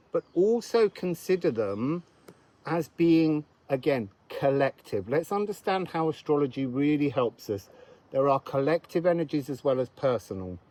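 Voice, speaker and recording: A man with a slightly higher-than-usual voice gives a loose, spoken astrology reading. He meanders and thinks aloud, in a chatty, unhurried way. He is recorded outdoors. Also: a little mellow, low-quality recording. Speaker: astrologer and card reader.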